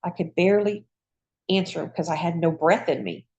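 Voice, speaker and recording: A woman, a retired nurse, telling her own patient story in a lively, folksy conversational way. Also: lowish voice, fairly quick. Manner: lively, acts out voices in quoted dialogue. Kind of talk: personal storytelling.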